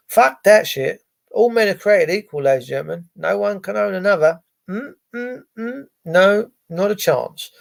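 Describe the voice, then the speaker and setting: A man's voice: high-pitched, moderate pace, creaky. A man, hosting a livestream and ranting in a blunt, sarcastic way, swearing freely. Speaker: livestream host.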